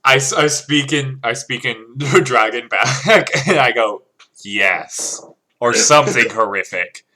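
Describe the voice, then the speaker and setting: A man's voice: medium pitch, a little slow, bright, forceful tone. A man playing a tabletop game, joking and laughing as he describes his actions. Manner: laughing, playful. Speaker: player. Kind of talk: casual tabletop play.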